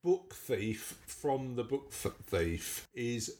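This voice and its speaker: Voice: mid-range voice, big pitch swings, darkish tone, a little hiss or hum. Playful Cockney podcast host. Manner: playful, teasing, quick with jokes. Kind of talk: casual chat.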